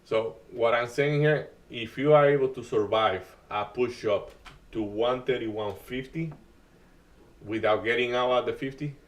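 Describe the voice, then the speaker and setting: A day trading stream host walks through live trades in market commentary, speaking haltingly, frequently restarting, and using non-native grammar. His voice is mid-range and sounds recorded from a distance.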